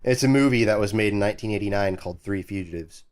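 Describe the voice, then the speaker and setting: A man's voice: fairly low pitch, fast, a little mellow. A young man co-hosting a podcast in casual, joking chat. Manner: joking, laid-back, trails off and restarts. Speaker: podcast co-host.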